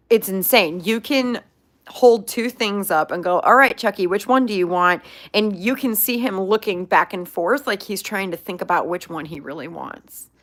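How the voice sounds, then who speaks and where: Casting: young woman vlog host, chatty and upbeat, heavy "like" fillers, mid pitch. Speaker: pet pig owner, channel host. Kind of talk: casual chat answering viewer questions.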